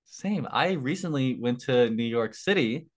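A young man interviewing a fellow contestant in a loose, rambling way, full of "like" and quick apologies. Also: mid-range voice, expressive. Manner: rambling, filler-heavy, apologetic. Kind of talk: casual chat.

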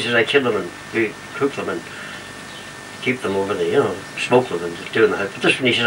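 Older showman, rambling raconteur, bright timbre, distant home recording with faint hiss. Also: medium pitch, expressive, fast talker. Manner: rambling storyteller who acts out voices in jokes. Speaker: retired variety singer. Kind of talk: casual reminiscing and joke telling. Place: home trailer.

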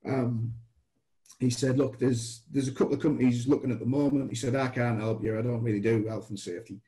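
A man guest on a podcast, telling stories with lively acted-out dialogue. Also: medium pitch, fairly quick, low-quality recording. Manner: animated storyteller, acts out dialogue. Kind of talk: anecdotal storytelling.

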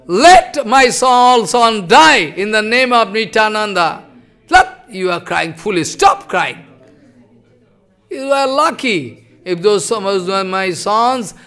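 A man's voice: high voice, fairly bright tone, smooth. A preacher doing a devotee scolding his wife. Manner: scolding, insistent.

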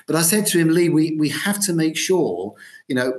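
A man's voice: a little high, very animated, normal speed. Older guy in his sixties chatting loosely, lots of ums and restarts. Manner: rambling, many ums and restarts. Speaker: guitarist guest. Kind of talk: casual interview chat.

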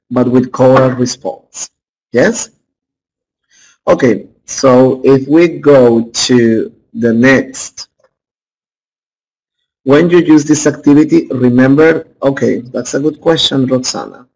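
A man's voice: medium pitch, a little mellow, rough recording. Male teacher checking "okay?" between points. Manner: checks understanding with frequent "right?" and "okay?"; calls on students by name. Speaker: English teacher. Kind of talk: classroom lecture.

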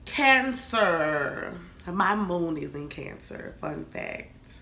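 A woman's voice: fairly low pitch, slow, gravelly, reverberant, slight background noise. A young woman, ranting sassily and swearing freely in a casual comedic vlog. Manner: sassy, animated, swearing freely. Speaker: vlogger.

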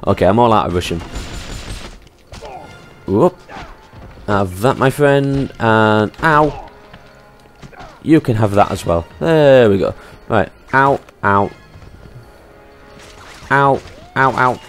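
A man's voice: fairly low pitch, lively intonation, slow, long pauses, fairly bright tone, faint music behind. Chatty gamer man. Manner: chatty, exclaiming at the game. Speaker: let's play gamer. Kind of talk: casual gameplay commentary. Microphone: headset.

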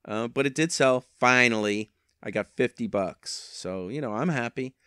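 Bright and a little pushed, his mid-range voice stays smooth at a moderate pace. The eBay reseller meanders through his online resale sales in a casual vlog on a handheld mic, dropping wry, self-deprecating asides. It sounds like a studio recording with no room sound.

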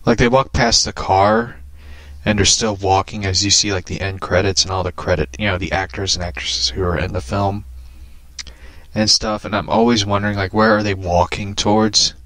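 A man's lowish voice moves at a normal speed in a dry recording as he vlogs about a movie he just watched. His talk is casual and meandering, animated and full of profanity, and he often laughs at his own remarks.

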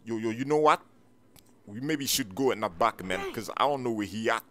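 A man's voice: medium pitch, lively intonation, normal speed, fairly bright tone. A man talking hesitantly and indignantly during a casual game roleplay.

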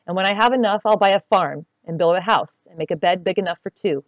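A woman reading the lines of a quiet, earnest young farm boy in a steady, plain voice. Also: on the low side, fast, no echo, highs cut off, natural voice.

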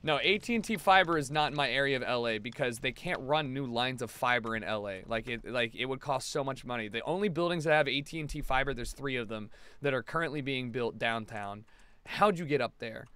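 A man's voice: medium pitch, a little fast, pushed and bright, clean tone. A man streaming a game live from his apartment, ranting to his chat in a rambling way and swearing freely. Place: home apartment.

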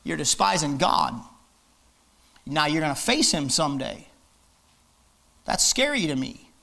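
A man's voice: a little high, big pitch swings, a little slow, gravelly, bright, forceful tone. A man preaching a fiery, emphatic sermon in church, hammering his points with repetition. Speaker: pastor.

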